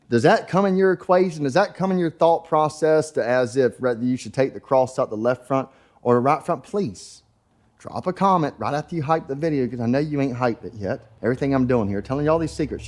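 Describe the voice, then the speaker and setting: Brief: male vlogger, rambling jokey shop talk, slightly high voice. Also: darkish tone. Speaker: kart racer and channel host. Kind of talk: casual joking shop vlog. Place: workshop.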